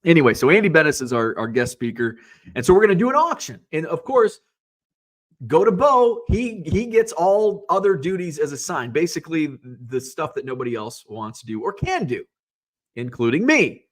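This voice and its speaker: A man's voice: a little high, very animated, moderate pace. A man hosting a sports card livestream, chatting loosely, telling rambling stories, swearing casually, and reading viewers' comments aloud. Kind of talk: casual livestream chat and storytelling.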